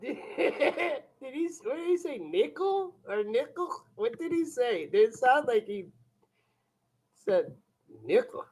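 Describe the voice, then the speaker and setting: Young dude live-reacting, loud n crude, keeps interrupting to mock stuff. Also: male voice, very high voice, sing-song, takes it slowly, husky, rough recording. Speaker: livestream host reacting to a video.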